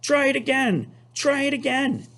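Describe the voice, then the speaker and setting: A man squeaking as a shrill, bossy storybook goose. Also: lively intonation, unhurried, creaky, fairly bright tone, heavily acted. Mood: insistent. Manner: repeats every phrase, shrill and insistent. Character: excitable bossy female farm goose. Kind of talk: storybook read-aloud.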